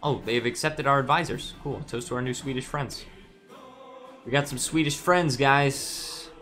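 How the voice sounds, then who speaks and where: A man's voice: mid-range voice, moderate pace, fairly bright tone, soft background music. A man streaming a strategy game, musing aloud with hesitant restarts while reading chat messages.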